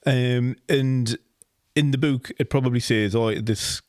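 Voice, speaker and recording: A man's voice: mid-range voice, steady tone, a little slow, a little mellow, no echo, studio quality. A man from northeast England co-hosting a movie podcast, wry and nitpicky in casual chat. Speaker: podcast co-host.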